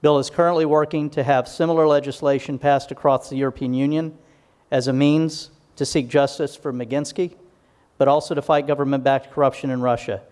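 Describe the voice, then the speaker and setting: A man introducing a guest speaker at a live public talk, measured and warm, with personal asides. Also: medium pitch, fairly even intonation, clean tone. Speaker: event host introducing a speaker. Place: event hall.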